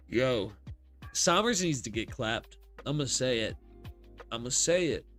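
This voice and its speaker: A young man hosting a live reaction stream who talks excitably, laughs often and swears a lot. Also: mid-range voice, unhurried, soft background music. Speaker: stream host.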